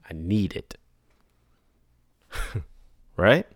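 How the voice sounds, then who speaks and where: A man hosting a solo podcast, telling business stories in a casual, animated way, acting out others in high put-on voices and laughing between lines. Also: normal speed, pauses often, no echo, clean studio sound. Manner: laughs and sighs often. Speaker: podcast host.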